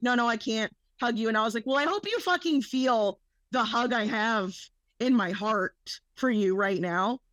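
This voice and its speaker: Brief: young woman, slightly high voice, casual podcast storyteller who swears a lot, dry close mic. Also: a bit bright, no echo, lo-fi sound. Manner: rambling, swears freely, quotes people in her story. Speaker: podcast co-host.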